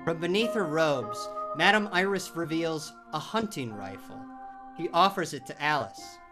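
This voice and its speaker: Narrator, scripted horror audio drama, vivid, animated, music behind. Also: mid-range voice, moderate pace. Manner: vivid, storytelling delivery with sound-effect shouts.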